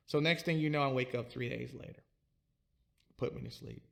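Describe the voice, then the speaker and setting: A man telling his own life story in a halting, repetitive way, often restarting his words. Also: mid-range voice, steady tone, gravelly. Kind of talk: personal storytelling.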